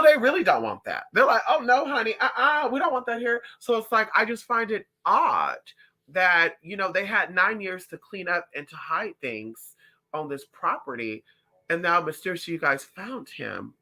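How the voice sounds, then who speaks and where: Sassy psychic vlogger with a sharp, very bright tone and a mid-range pitch. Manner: sassy, calls viewers honey and girl; animated, swings up and down in pitch. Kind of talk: casual chat to viewers.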